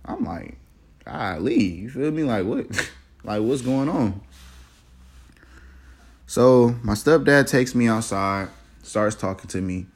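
Deep-voiced young man telling a story. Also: big pitch swings, slightly rough. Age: young adult. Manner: halting and reflective, full of fillers and restarts. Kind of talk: casual personal storytelling.

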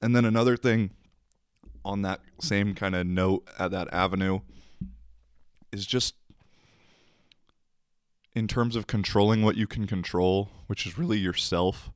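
A man's voice: lowish voice, steady tone, measured pace, pauses often, clear, resonant tone, no room sound, studio quality. A man talking casually to the camera, telling a rambling story, laughing often and swearing offhandedly.

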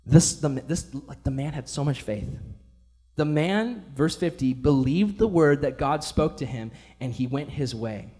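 A male pastor preaches in a loose, conversational way, full of enthusiasm and everyday filler words. His voice sits a bit higher than most men's, and he keeps the tone friendly and informal in a church. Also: animated, normal speed, warm tone. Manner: casual, enthusiastic, many fillers like "like". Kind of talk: casual sermon.

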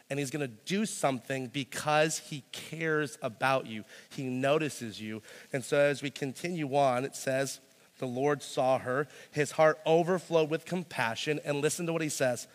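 A man's voice: medium pitch, a bit bright, in a large hall. A man preaching a sermon as a pastor, talking in a loose conversational way full of "like". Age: young adult to middle-aged, a parent. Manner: conversational, peppered with "like".

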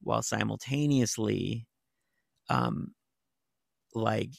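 Middle-aged man, low gravelly voice, dry close sound, casual rambling chat, fillers and swearing. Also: takes it slowly, no room sound. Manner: rambling storytelling full of "like" fillers and profanity. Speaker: TV writer and novelist.

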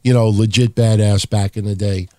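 A man's voice: lowish voice, steady tone, darkish tone, no echo, clean studio sound. A middle-aged man hosting a wrestling podcast, talking bluntly and swearing freely in casual chat. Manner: blunt, profane, rapid-fire wrestling talk. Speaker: podcast host.

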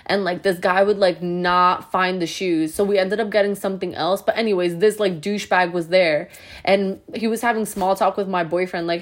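A young woman from New Jersey telling a story in a chatty, animated way, with lots of "like". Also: fairly low pitch, normal speed. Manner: chatty, animated, heavy use of "like". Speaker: vlogger. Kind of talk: storytime vlog.

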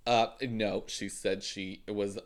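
A man's voice: lowish voice, little pitch movement, slow. Teasing podcast co-host guy. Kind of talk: casual chat recap.

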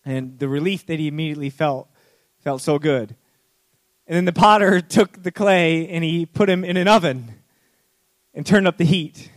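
A man preaching a sermon, telling a parable with swings between urgent speed and hushed, slow emphasis. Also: a little high, no echo. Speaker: pastor.

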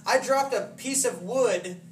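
A man's voice: extremely high pitch, unhurried. A man preaching a casual sermon, telling stories with laughs and voiced asides. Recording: roomy hall from a distant mic with noise.

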